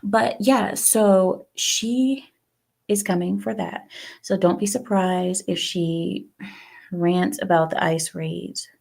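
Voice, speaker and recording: Slow-talking gravelly woman streamer. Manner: chatty, talks to viewers, acts out quotes with lively pitch. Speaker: livestream host. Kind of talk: casual livestream chat.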